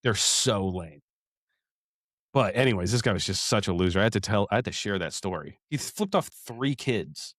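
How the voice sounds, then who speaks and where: On a casual podcast, a man in his thirties co-hosts in a lowish, slightly bright voice with lively intonation at a normal speed. The dry, clean studio recording carries his profane, meandering storytelling, and he addresses everyone as "dude."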